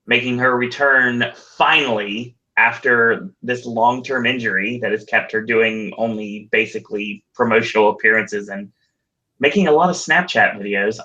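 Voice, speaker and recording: A man's voice: mid-range voice, fairly even intonation, a little slow, bright, forceful tone, recorded from a distance, dull audio. A man hosting a podcast, casually relaying wrestling news and rumors with dry asides. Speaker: podcast host.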